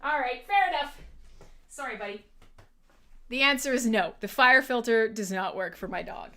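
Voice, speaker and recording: A woman's voice: on the high side, expressive, normal speed, sharp tone, slight background noise. A woman hosting a casual livestream, chatty and playful, laughing often. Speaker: livestream host.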